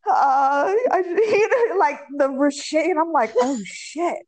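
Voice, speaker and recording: A woman's voice: high voice, animated, a little mellow. A young adult woman co-hosting a podcast in casual chat, giggling often as she talks. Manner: giggly, slow, laughs often. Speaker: podcast co-host.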